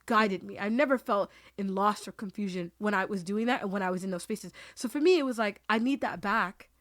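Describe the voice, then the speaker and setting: A woman speaking with heartfelt earnestness in a casual podcast conversation, her voice at an ordinary middle pitch. She gets emotional and laughs easily. The recording is close and dry, with no room sound. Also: a little fast, a bit bright, dry recording. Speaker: podcast host.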